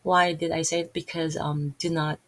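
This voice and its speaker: A middle-aged woman from the Philippines with a Filipino accent, rambling earnestly in an unscripted vlog, with halting restarts and many fillers. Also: deep voice, little pitch movement, rough recording. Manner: earnest, openly emotional about faith. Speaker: vlogger and massage therapist. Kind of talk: unscripted casual vlog talk.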